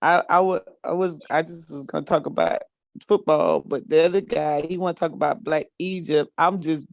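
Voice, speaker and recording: A woman's voice: deep voice, lively intonation, normal speed, creaky, no echo. Chatty, easy-laughing woman on a video call. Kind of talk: casual video call chat.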